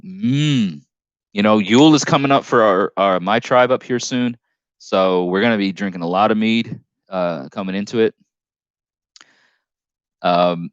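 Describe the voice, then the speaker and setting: A man's voice: low voice, no echo, dull audio. A man hosting a casual live stream, reading chat comments aloud in a rambling, jokey way with frequent restarts.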